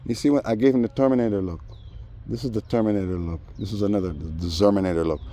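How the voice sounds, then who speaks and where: Deep-voiced man. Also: fast. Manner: animated, acts out voices in quoted dialogue. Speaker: vlogger. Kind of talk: casual storytelling monologue.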